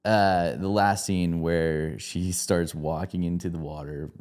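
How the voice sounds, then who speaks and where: A man's voice: low voice, fairly even intonation, slow, darkish tone, smooth. A man co-hosting a movie review podcast, chatting casually, rambling with plenty of fillers and laughing often.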